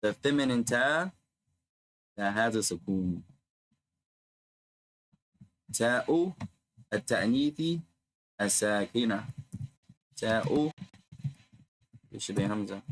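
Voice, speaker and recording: A man teaching an Arabic grammar lesson online, patiently repeating terms slowly and explaining in English. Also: on the low side, lively intonation, rough recording.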